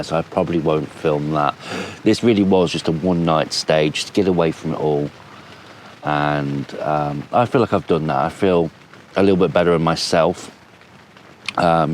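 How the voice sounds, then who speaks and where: A weary man with a very low voice chats to an action camera from inside a tent. He rambles along at an easy pace, filling gaps with ums and small restarts. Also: slight background noise. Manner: rambling, easygoing, many fillers. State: tired. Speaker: camping vlogger. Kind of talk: casual vlog chat to camera.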